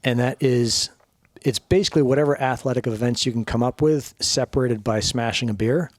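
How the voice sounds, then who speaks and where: A man telling stories as a podcast guest, animated and profane, acting out the people he quotes. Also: medium pitch, fairly quick, no room sound. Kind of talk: storytelling.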